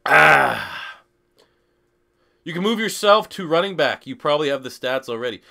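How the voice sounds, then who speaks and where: A man's voice: a little high, big pitch swings, normal speed, creaky, pauses often, sharp tone. Profane joking man streaming a game. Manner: profane, joking, reads chat aloud. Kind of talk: casual live stream commentary.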